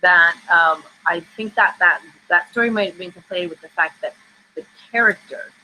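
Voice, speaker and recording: A woman's voice: fairly low pitch, normal speed, pushed and bright, slight background noise, rough recording. A woman screenwriter answering interview questions over a video call, talking candidly in a chatty, storytelling way. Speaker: screenwriter guest.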